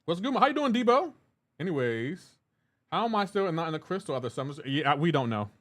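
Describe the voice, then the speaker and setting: A man's voice: on the high side, big pitch swings, fairly quick, fairly bright tone. A man live streaming a game, talking loosely with his chat and greeting viewers by name. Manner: talks to chat viewers while playing, loose and chatty. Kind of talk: casual live-stream chat reading comments.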